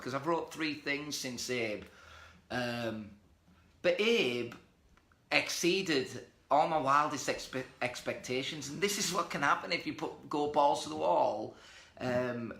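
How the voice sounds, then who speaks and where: Emphatic, bright-voiced man in an echoey room. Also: a little high, gravelly. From India. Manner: animated, emphatic, motivational. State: tipsy. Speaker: host of a live show. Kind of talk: casual live-stream talk.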